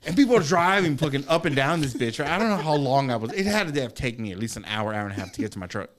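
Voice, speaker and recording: A man's voice: medium pitch, lively intonation, rapid-fire. A middle-aged man telling a story as a podcast guest, laughing and swearing often as he goes. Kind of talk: casual storytelling. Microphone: studio microphone.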